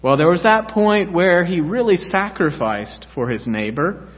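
A man reading aloud, voicing a gentle, merciful, disembodied voice that speaks kindly. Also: sits high, expressive, unhurried. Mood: pleading. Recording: echoey church hall, dull lo-fi sound.

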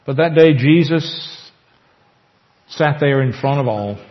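A man preaching a sermon as pastor, earnest, with slow emphatic pauses. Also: on the high side. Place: church sanctuary. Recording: echoey church hall, dull lo-fi sound.

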